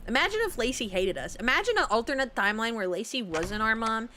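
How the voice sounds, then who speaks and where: A woman's voice: a little high, animated, fast talker, background noise. A woman streaming a horror game, chatting playfully with her viewers and laughing often. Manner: playful, chatty, talks to chat, giggly. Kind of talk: casual live-stream chat while gaming.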